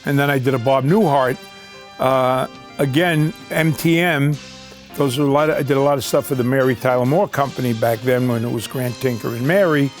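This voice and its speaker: A man's voice: mid-range voice, fairly quick, faint music behind. Older man reminiscing about his acting career. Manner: reminiscing, rambling with fillers. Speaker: actor recalling his career. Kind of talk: documentary interview.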